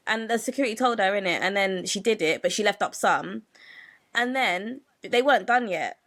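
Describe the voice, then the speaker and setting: A young woman, co-hosting a podcast and telling a story in a casual, animated way, acting out the people in it. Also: mid-range voice, fairly quick. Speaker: podcast co-host.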